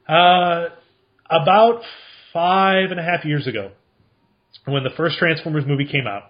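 A rambling, friendly-sounding podcast host, a man in his thirties from central Illinois, talking at a slightly high pitch. He tells a story casually, full of fillers and restarts. The recording is dull and lo-fi. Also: measured pace. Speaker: podcast host answering listener mail.

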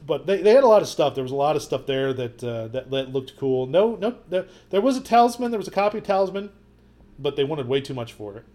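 A man co-hosting a podcast, telling stories in a rambling, animated way with lots of repeated words. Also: on the high side, quick pace. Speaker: podcast co-host. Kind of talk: casual chat.

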